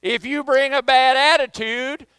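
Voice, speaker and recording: A man's voice: very high-pitched, fairly even intonation, measured pace, sharp tone, smooth, no room sound, poor audio. A man with a Southern US accent preaching a sermon as pastor, folksy and joking, often repeating himself.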